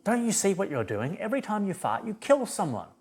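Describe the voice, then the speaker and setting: Man putting on a talking donkey, male, high-pitched, urgent, pleading. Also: wildly swooping pitch, a little fast, darkish tone, breathy edge, exaggerated voice.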